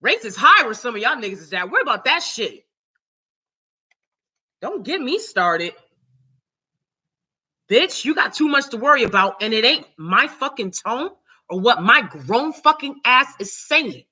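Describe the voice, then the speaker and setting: A woman hosting her own live stream, ranting loudly and cursing heavily in casual talk. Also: fairly high pitch, big pitch swings, a little slow, pauses often, husky, low-quality recording. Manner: loud, profane, heated. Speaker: channel host.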